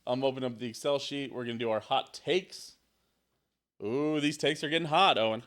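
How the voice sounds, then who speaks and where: A man's voice: medium pitch, moderate pace, fairly bright tone. A man co-hosting a sports podcast in loose, joking chat, swearing freely. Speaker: podcast co-host.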